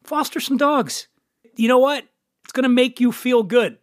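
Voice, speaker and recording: A man's voice: very high-pitched, moderate pace, no echo. Male podcast host, casual joking chat, close dry studio mic. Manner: chatty, self-deprecating, gets choked up. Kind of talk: casual interview chat and read ad.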